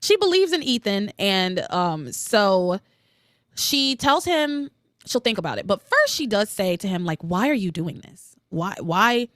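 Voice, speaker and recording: A woman recaps soap opera episodes on her solo podcast, opinionated and quick to swear. Her pitch swings all over the place as she gets worked up. The sound is dry and close. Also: dry recording. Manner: animated and opinionated, swears freely, quotes characters with jumps in pitch.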